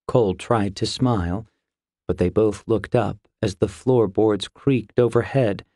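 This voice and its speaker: A man narrating a fantasy audiobook in a measured, even storytelling voice, recorded close in a quiet booth. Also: fairly low pitch, no echo.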